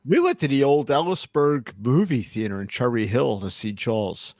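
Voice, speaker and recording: A man's voice: mid-range voice, expressive, moderate pace, a little mellow, dry recording, studio quality. A man, hosting a podcast with wry, sardonic jokes. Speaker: podcast host. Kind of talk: casual podcast banter.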